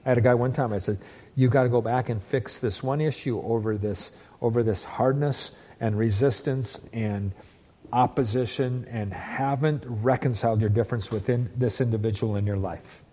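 A male pastor delivers a sermon in an earnest, plain-spoken voice. His tone is mellow and warm, and he slows down to press key words home. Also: mid-range voice. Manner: earnest preaching, slows down for emphasis, restarts phrases.

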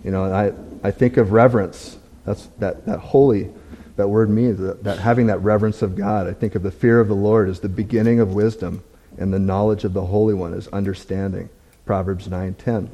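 Man, church testimony; warm, mellow voice, candid and self-deprecating, halting and conversational. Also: fairly low pitch, steady tone. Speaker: church member giving a testimony. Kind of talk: conversational sermon talk.

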